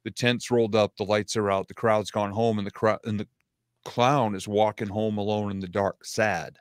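A man's voice: on the low side, moderate pace, smooth, no room sound. Dry-sounding middle-aged male storyteller. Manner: animated storyteller, self-deprecating humor. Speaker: guest speaker. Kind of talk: casual interview storytelling.

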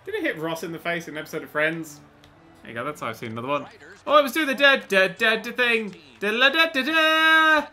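An excitable man gives a sweary, joking running commentary as he plays a video game. His voice sits high and bounces all over the place, with a very bright, sharp edge. Faint game music plays behind him. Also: fast. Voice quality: excitable, sweary, jokey exclamations. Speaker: gaming YouTuber. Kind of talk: let's-play commentary.

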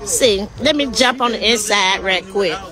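A woman chatting casually on a phone live stream, animated and talking straight to her viewers, outdoors at night and then inside a car. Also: medium pitch, unhurried, a crowd in the background. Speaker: livestreamer showing a car. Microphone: phone held in hand.

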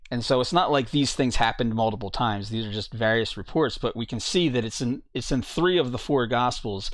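A man reads scripture aloud and explains it in a steady, plain teaching voice. His pitch sits in the ordinary middle range for a man. The recording is dry and close, with almost no room sound. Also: no room sound. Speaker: preacher. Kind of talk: bible teaching talk.

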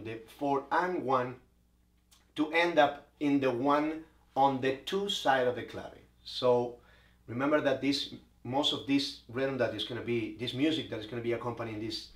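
A man's voice: mid-range voice, fairly bright tone, echoey room. A man teaching percussion, explaining step by step and counting beats aloud between drum passages. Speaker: percussion instructor. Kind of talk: instructional demonstration. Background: bongo drums and faint music.

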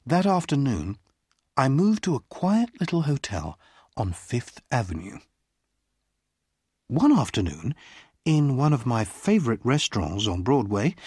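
A reader slowly and clearly narrating a graded-reader story. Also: mid-range voice, a little mellow, no echo, studio quality. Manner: slow, clearly paced storytelling. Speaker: audiobook reader.

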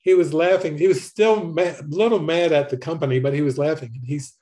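A man, a spiritual teacher, telling a lively story and laughing often. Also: fairly high pitch, brisk. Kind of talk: storytelling talk.

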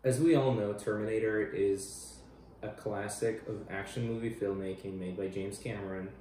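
A man's voice: fairly low pitch, steady tone, moderate pace, mellow, slight background noise. A young man co-hosting a casual film review chat, laid-back and swearing casually, with hesitant restarts. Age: young adult. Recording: very echoey room, far from mic.

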